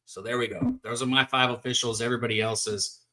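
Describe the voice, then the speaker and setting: A man's voice: mid-range voice, fairly even intonation, a little fast, pushed and bright. A man from Texas hosting a sports betting show, recapping picks in an upbeat, chatty way and talking straight to viewers. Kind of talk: casual live-stream sports talk.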